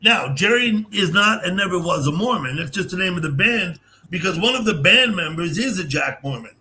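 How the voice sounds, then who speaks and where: Laid-back older man with a bright voice. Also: high voice, expressive, moderate pace. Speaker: guest. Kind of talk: casual livestream chat.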